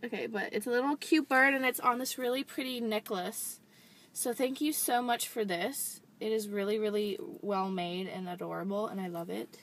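A young woman from the United States chatting excitedly in a casual unboxing vlog, filmed on a camera set down inside a parked car. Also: mid-range voice, moderate pace. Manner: bubbly, chatty, apologetic, many "like" and "really". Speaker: vlogger. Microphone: handheld camera set down on the dashboard.

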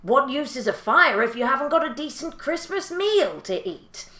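Woman doing a grand, loud male peacock. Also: sits high, sing-song, moderate pace, echoey room, pitched above the performer's own voice, exaggerated voice. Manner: loud and declaiming.

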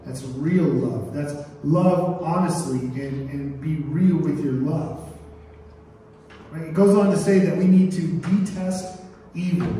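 A man preaching to his congregation, heard from a distance in a large, echoing church hall. His voice sits fairly high for a man. He drives his points home with call-and-response, getting the room to repeat phrases after him. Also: mellow, a little hiss or hum. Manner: sings a line playfully. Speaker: pastor. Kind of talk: sermon. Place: church sanctuary. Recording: echoey hall from far off.

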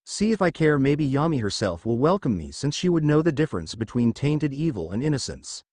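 Guy reading a hot-headed young ninja guy, defiant and mouthy, storybook style, lively voice. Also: mid-range voice, fairly quick, no room sound, studio quality. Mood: furious taunting. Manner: defiant, taunting.

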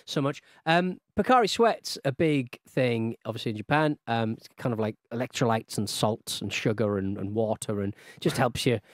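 A man's voice: mid-range voice, moderate pace, few pauses, no echo, studio quality. A man co-hosting a podcast, chatting casually in a rambling, hesitant way full of ums and restarts. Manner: rambling, hesitant storytelling with many fillers. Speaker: podcast co-host. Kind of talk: casual chat.

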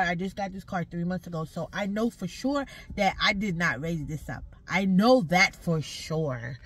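A woman's voice: fairly low pitch, a little hiss or hum. Profane ranting woman. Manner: profane, emphatic, preachy. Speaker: social media creator. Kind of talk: ranting to camera.

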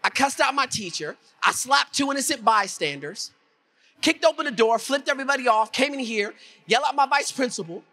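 A man delivers a motivational keynote at a conference with a very high, bright, forceful voice. He tells his story with animation, acting out scenes and throwing questions back at the audience. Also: expressive, fairly quick. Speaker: keynote speaker. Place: conference hall before an audience.

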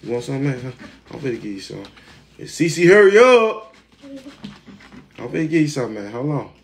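A man's voice: mid-range voice, very animated, brisk. A man, teasing a family member in casual vlog banter. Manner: teasing, drawling Southern slang.

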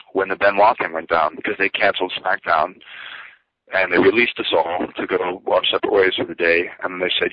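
Low-voiced man telling his career story. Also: no room sound. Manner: rambling, many fillers and asides. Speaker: interview guest, former pro wrestler. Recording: dull dry lo-fi audio.

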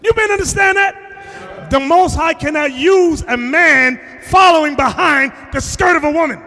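A man's voice: very high voice, normal speed, bright, forceful tone. A man, a bishop, preaching a lesson in an emphatic, confrontational way and often raising his voice. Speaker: bishop teaching a class. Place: classroom in a large reverberant hall. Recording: long hall reverb.

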